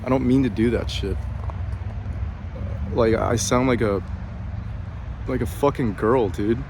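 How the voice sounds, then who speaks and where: A man talking in a confessional personal vlog. He has a breathy voice, sounds a bit complaining, and hesitates with many fillers and restarts. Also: mid-range voice, measured pace, background noise. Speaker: vlogger.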